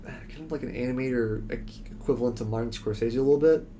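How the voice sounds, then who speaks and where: A man's voice: medium pitch, fast talker, mellow, a little hiss or hum. A young man co-hosting a film podcast in casual chat, eager but stumbling over restarts and "you know". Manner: enthusiastic, hesitant restarts, says "you know" a lot. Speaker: podcast co-host.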